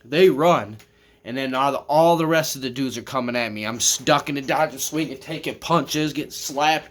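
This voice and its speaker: A man telling a long personal story to his camera in a casual, rambling way, swearing often and filling gaps with "I mean" and "you know what I'm saying". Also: mid-range voice. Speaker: vlogger. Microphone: camera, talking to viewers.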